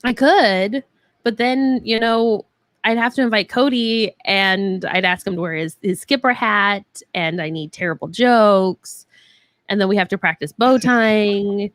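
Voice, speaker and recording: A woman cohosting a casual chat on a video call, chatty and joking and quick to laugh. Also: mid-range voice, dry recording, clean studio sound.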